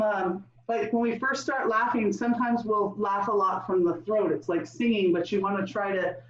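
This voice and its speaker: A woman leading a laughter yoga session over a video call, giving cheerful, coaxing instructions. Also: on the high side. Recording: roomy, distant, dull lo-fi sound.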